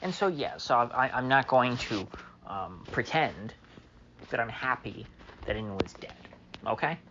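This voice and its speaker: A man's voice: medium pitch, lively intonation, measured pace, a bit bright, highs cut off, slight background noise. A man delivering a solo opinion monologue as a political commentator, sarcastic and mocking, with many fillers.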